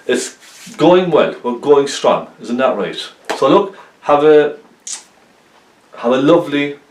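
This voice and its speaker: A man talking through a painting tutorial in a friendly, rambling way, full of ums and "isn't it?" tags. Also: mid-range voice. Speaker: painting teacher. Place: painting studio, indoors. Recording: echoey studio room.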